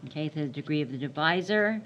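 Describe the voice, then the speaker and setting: Low-voiced woman teaching math. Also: animated, fast, fairly bright tone, dull audio, a little hiss or hum. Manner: repeats and stresses key terms, checks with "right?". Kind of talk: recorded classroom math lesson.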